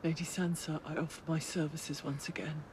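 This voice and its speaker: An actress playing a steadfast woman knight, speaking low and solemnly as she swears an oath. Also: level tone, a little fast, a little mellow, close to an everyday voice.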